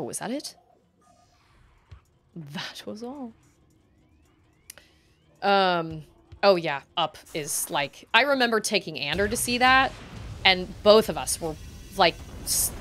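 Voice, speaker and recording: Lively, chatty woman streamer. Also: lowish voice. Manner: rambling and chatty, laughs often. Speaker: livestreamer playing a video game. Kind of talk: casual chat while gaming.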